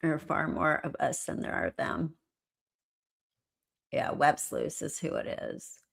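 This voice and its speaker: A woman's voice: low voice, lively intonation, a little slow, vocal fry, slightly rough. A woman commentator on a live stream, chatting casually and answering viewer comments as she reads them.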